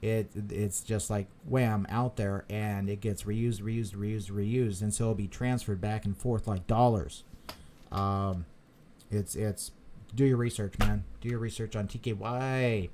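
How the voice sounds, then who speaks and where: Hosting a crypto live stream, this man speaks at a measured pace in a lowish, slightly mellow voice with fairly even intonation, over slight background noise. He reads out viewer comments and chats casually, rambling with frequent fillers and repeated words.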